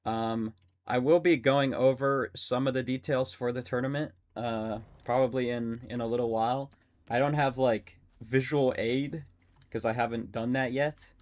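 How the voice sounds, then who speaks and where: A young adult man streaming a game, rambling and excitable, swearing often and talking to his chat. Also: mid-range voice, normal speed. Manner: talks to chat. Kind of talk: casual live-stream commentary while gaming.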